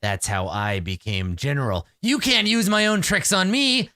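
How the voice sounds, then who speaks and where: A small, boastful redcap general with a taste for blood, as a game master puts him on in a tabletop game. He talks in a sly, menacing way, with a bright edge to the voice. The sound is dry and close. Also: a little high, normal speed, no room sound, voice pushed up.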